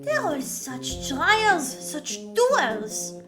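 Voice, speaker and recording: A woman's voice: very high-pitched, very animated, very slow, pitched above the performer's own voice, exaggerated voice. A woman voicing a fawning middle-aged female prison warden who talks in sugary endearments. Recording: loud game music behind.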